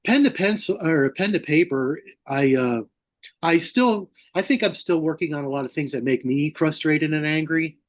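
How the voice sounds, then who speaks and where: A man talking as a guest on a podcast, speaking haltingly with frequent restarts, grew up in Mississippi. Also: on the high side. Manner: halting, many restarts, laughs often. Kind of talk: casual podcast conversation.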